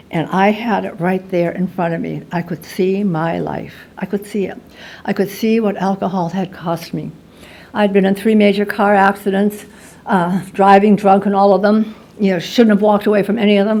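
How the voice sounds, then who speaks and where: Gravelly woman telling her story. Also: mid-range voice, a little mellow, a little hiss or hum. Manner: storytelling, wry and candid. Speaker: AA speaker sharing her story. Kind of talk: recovery meeting talk. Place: meeting hall.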